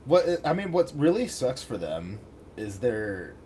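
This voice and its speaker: A man's voice: mid-range voice, very animated, measured pace, noisy background. A man co-hosting a podcast who explains things bluntly and swears casually. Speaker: podcast co-host. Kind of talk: casual chat.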